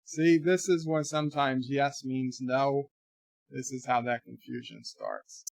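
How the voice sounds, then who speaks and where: An American man with a medium-pitched, gravelly voice talks a little slowly while hosting a casual livestream from his bedroom. He jokes and rambles through viewer comments, tossing in animated asides. The recording has no echo.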